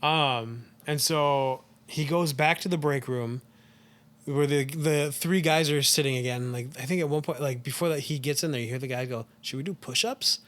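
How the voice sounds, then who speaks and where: A man's voice: mid-range voice, moderate pace, fairly bright tone. A man co-hosting a podcast, casually retelling a film plot in a rambling way, full of fillers. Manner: rambling, leans heavily on "like" and "um". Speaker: podcast co-host.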